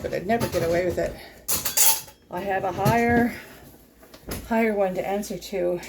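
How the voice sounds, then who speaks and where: A woman's voice: mid-range voice, background noise. A middle-aged woman vlogging while she cleans her kitchen, chatting in a rambling, giggly way. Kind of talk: casual chat while cleaning. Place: home kitchen. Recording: dish clatter in a kitchen. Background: clattering dishes and cutlery.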